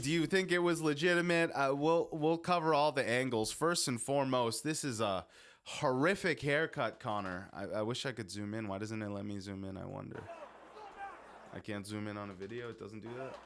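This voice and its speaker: Rambling, cursing young male streamer. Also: lowish voice. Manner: rambling, swearing, self-interrupting. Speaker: live streamer. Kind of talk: casual live-stream commentary.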